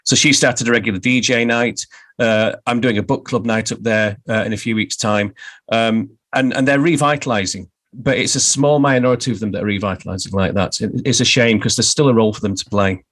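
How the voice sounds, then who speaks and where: A man's voice: on the low side, steady tone, fairly quick, fairly bright tone. Wry English storyteller man. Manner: storytelling, wry, self-deprecating. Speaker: guest author. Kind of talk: casual interview chat.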